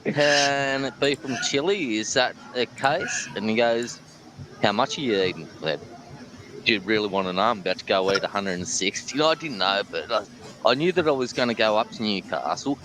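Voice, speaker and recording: Bright-voiced Australian man, blunt and joking. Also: low voice, slight background noise, poor audio. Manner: blunt and joking, laughs while talking. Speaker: guest, chilli-eating champion. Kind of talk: casual interview chat.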